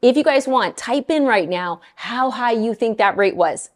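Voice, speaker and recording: A middle-aged woman mortgage lender talking casually to her viewers, blunt and animated, often exasperated. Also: on the high side, moderate pace.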